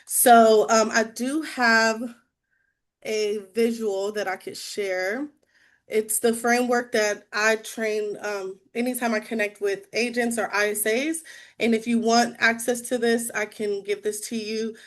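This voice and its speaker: A woman's voice: a little high, steady tone, unhurried. A bubbly, chatty woman with a slightly raised voice talks through her sales tips on a video call. She sounds casual and laughs easily, in the manner of an inside sales agent coaching a room of peers. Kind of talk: casual training talk on a call.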